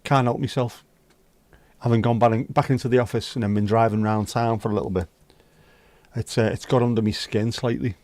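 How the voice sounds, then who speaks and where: A man's voice: mid-range voice, fairly even intonation, brisk, darkish tone, dry recording. A man with a Liverpool accent hosting a casual livestream, greeting viewers by name, bantering and grumbling at his own setup. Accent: Liverpool (Scouse). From Liverpool, England. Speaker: livestream host. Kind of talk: casual live-stream chat.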